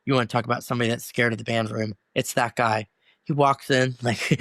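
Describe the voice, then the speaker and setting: A man's voice: medium pitch, brisk, dry recording. A young man in his twenties, a first-year middle school band teacher, telling stories in a casual interview and acting out the voices he quotes. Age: 20s. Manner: animated storyteller who acts out quoted voices.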